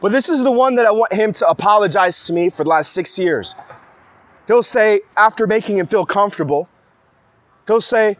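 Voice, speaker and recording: A man's voice: sits high, moderate pace, no echo. A young man in a heated, rambling monologue, speaking in an agitated way full of restarts. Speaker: vlogger ranting to camera.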